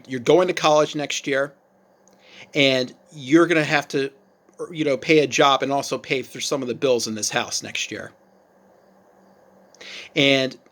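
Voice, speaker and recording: A man's voice: mid-range voice, fairly bright tone, natural voice. A man doing a harsh scolding mother. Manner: harsh, lecturing. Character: angry scolding mother of a teen.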